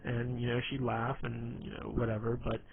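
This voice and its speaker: A man's voice: medium pitch, completely flat delivery, moderate pace, creaky, husky. A man giving a casual spoken presentation on humor, rambling with lots of fillers and restarts. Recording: tinny phone-like lo-fi sound.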